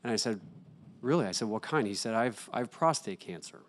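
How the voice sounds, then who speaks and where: A young adult man, a guest on an interview show, telling a personal story in an earnest, halting way with many restarts. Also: on the low side, lively intonation. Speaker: interview guest, actor and author.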